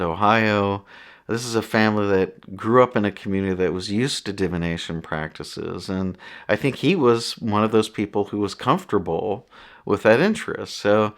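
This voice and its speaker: A man with a fairly low voice talks through a personal story on his podcast. His delivery is casual and conversational, wandering into asides as he goes. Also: a bit bright. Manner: conversational, rambling anecdotes with many asides. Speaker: podcast host.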